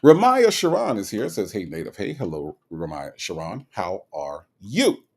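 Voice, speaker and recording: A man's voice: on the low side, moderate pace, breathy edge. A man hosting a livestream in a casual, teasing way. He reads viewer comments aloud and often checks in with "okay?" and "all right?". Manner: animated and teasing, with many "okay?" asides. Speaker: livestream host.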